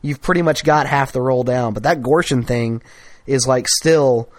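Brief: eager podcast co-host, mid pitch, dry close sound. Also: male voice, moderate pace, dry recording. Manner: enthusiastic, rambling with restarts. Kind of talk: casual chat.

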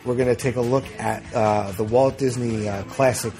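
A man's voice: mid-range voice, fairly even intonation, moderate pace, music in the background. A middle-aged man hosting a podcast in casual chat, rambling with lots of fillers and restarts. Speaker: podcast host.

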